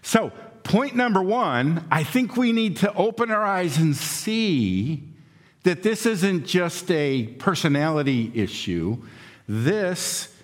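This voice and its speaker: Brief: man, pastor, slow conversational sermon, long hall reverb. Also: on the high side. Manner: conversational storytelling, acts out quotes.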